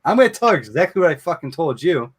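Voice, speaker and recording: A man's voice: fairly high pitch, very animated, quick pace, a little hiss or hum. Profane man telling a story. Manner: profane storyteller, quotes his wife. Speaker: show host. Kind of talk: casual chat.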